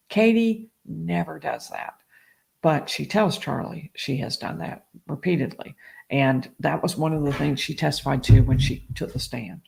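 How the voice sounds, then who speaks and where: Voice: medium pitch, expressive, moderate pace, gravelly, a little mellow. A legal commentator on a livestream, reading call transcripts aloud and adding brief asides. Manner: reads quoted dialogue aloud with brief asides.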